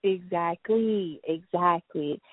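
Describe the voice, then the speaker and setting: A woman with a somewhat low voice hosts a relaxed conversation and keeps backing up her guest. The audio is narrow and phone-like. It is dry and close. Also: slow. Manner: affirming, echoes agreement. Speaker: podcast host. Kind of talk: casual chat. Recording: tinny phone-like sound, dry.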